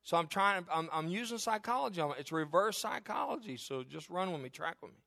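A man's voice: on the high side, lively intonation, a little fast, vocal fry. Joking, emphatic preacher man. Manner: conversational, joking asides, swings to loud emphatic preaching. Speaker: pastor. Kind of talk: sermon.

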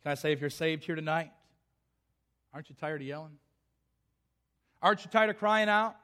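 A man's voice: on the high side, normal speed, bright, forceful tone. A man preaching a sermon with passion, repeating phrases and restarting his sentences. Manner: impassioned, repetitive, with frequent restarts.

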